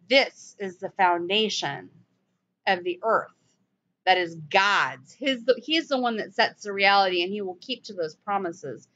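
A woman's voice: medium pitch, measured pace. A woman giving a conversational Bible study in an emphatic way. She sometimes stops to correct herself. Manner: animated, emphatic, self-correcting. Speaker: Bible teacher. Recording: dull lo-fi recording.

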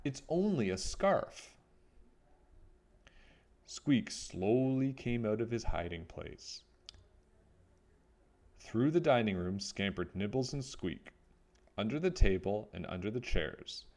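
Low, slow, lively-toned male reader for a children's picture book. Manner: expressive, unhurried storytelling. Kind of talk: reading a picture book aloud.

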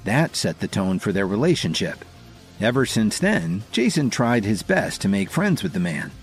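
A man narrating a dramatic audio story in a scripted, expressive manner. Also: lowish voice, moderate pace, soft background music.

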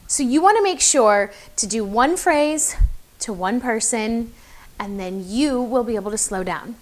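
A woman's voice: fairly high pitch, lively intonation, normal speed. A young woman coaching public speaking in a chatty, encouraging way, with lots of fillers. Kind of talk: casual advice video to camera.

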